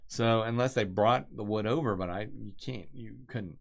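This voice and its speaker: A man's voice: fairly low pitch, moderate pace, gravelly. A man with a nasal voice chatting casually on a live stream, rambling with many restarts. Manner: rambling, restarts often, excitable.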